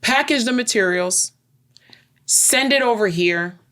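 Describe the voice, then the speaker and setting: A woman co-hosting a podcast, telling stories in a lively, casual way and stretching words for emphasis. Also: fairly high pitch, a little slow. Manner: animated storyteller, drawls words for emphasis. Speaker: podcast co-host. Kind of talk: casual chat.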